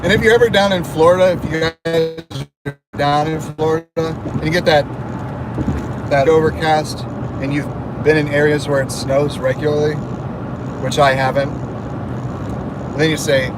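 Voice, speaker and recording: A man's voice: fairly high pitch, steady tone, normal speed, long pauses. A man vlogging casually from his car as he drives to work, chatting and joking as his thoughts wander. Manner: chatty, jokey, wandering talk. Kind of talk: casual rambling car vlog. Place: car on a highway. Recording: car road noise behind voice.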